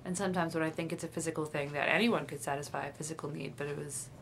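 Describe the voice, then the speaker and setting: Low-voiced young woman confiding to camera. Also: steady tone, fast talker, background noise. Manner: dreamy, confiding, trails off and restarts. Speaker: vlogger. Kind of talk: confessional video diary.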